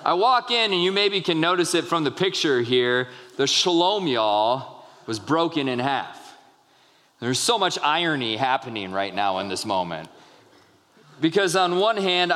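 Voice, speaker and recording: A pastor preaching in a church sanctuary, his slightly raised voice carrying a long hall reverb. He tells stories the way he would chat, breaking off to check in with the congregation. He is a young adult man speaking with easy warmth from the pulpit. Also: fairly high pitch, animated, normal speed. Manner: conversational storytelling with asides to the congregation. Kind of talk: sermon.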